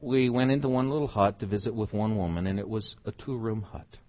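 A middle-aged man from the United States preaching a sermon, emphatic, swinging from soft to loud. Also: lowish voice, fairly quick, highs cut off.

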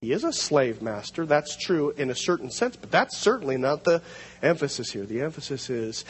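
A man preaching a sermon, teaching through a Bible passage, slowing down to read scripture aloud. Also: medium pitch, sing-song, husky, big-room sound.

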